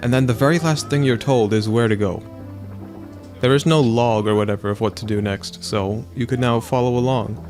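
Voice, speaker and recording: A man hosting a let's play, chatting casually in a rambling, animated way and acting out quotes in silly voices. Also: mid-range voice, a little fast, soft background music. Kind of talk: casual gaming chat.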